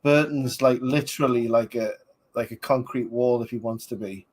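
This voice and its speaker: A man's voice: medium pitch, fairly even intonation, normal speed, darkish tone. A man, rambling casually as a podcast host reviewing a film, with many fillers. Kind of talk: casual movie commentary.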